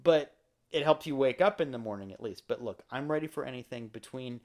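A man's voice: mid-range voice, animated, brisk, a little mellow. A man co-hosting a podcast, chatting casually and telling rambling, playful stories. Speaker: podcast co-host. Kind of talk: casual chat.

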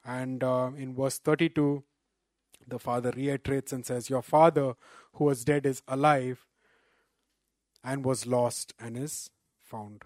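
A man preaching a sermon, slowing down to quote scripture and adding rhetorical "right?" asides. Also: mid-range voice, fairly even intonation, darkish tone, no echo.

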